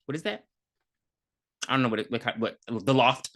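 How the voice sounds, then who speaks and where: A woman's voice: rumbling low, brisk, a bit bright. A woman co-hosting a podcast, recapping a TV episode in a chatty, slangy way with frequent laughs. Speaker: podcast co-host. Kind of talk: casual chat recapping a TV episode.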